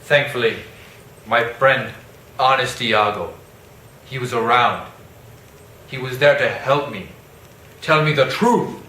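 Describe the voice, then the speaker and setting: A man's voice: mid-range voice, slow, long pauses, sharp tone, slight background noise. A man playing Othello as a casual, rambling modern guy in a parody skit, telling his story with slang. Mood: troubled. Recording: echoey room, mic at a distance.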